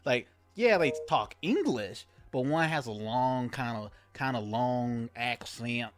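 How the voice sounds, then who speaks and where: A man's voice: medium pitch, expressive, slow pace. A man co-hosting a podcast, musing aloud and asking questions in casual chat. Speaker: podcast co-host.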